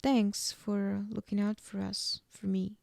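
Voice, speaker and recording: A woman reading the lines of a brooding, heartbroken male vampire in her own mellow, gravelly voice, often half whispered. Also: mid-range voice, level tone, takes it slowly, no echo, clean studio sound.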